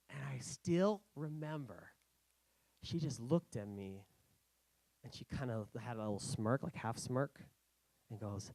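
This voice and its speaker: A young man giving a casual personal talk, halting and self-correcting with many fillers, acting out his past worries. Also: medium pitch, no echo, rough recording. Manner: animated, acting out his own past thoughts. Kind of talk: casual storytelling speech.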